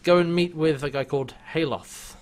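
A jokey man co-hosts a casual podcast recap and often breaks into laughter. His speaking voice sits a little higher than most men's. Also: normal speed. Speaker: podcast co-host. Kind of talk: casual episode recap chat.

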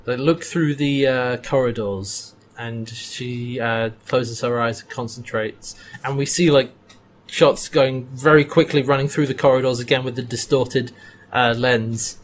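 A man's voice: mid-range voice, fairly even intonation, measured pace. A man co-hosting a chat podcast, recapping a TV episode and acting out the characters' lines with laughs. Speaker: podcast co-host.

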